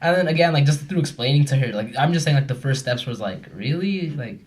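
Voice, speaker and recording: A young man talks at a rapid clip in a relaxed group discussion. He rambles, stacks filler words and doubles back mid-sentence. His voice sits at a middling pitch. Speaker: podcast co-host.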